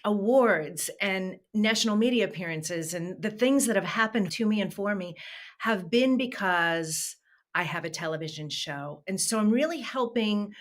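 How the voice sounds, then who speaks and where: A woman's voice: medium pitch, animated, moderate pace. Woman podcast guest, a coach, sharing her journey in an earnest, emphatic way. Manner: earnest and emphatic, with shifting pace. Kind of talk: personal storytelling interview.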